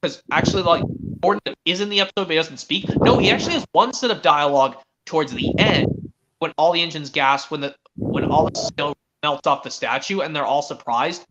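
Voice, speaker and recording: A man's voice: a little high, a little fast, dull audio, background noise. A man streamer in casual chat, rambling with lots of restarts. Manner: rambling, full of restarts and fillers.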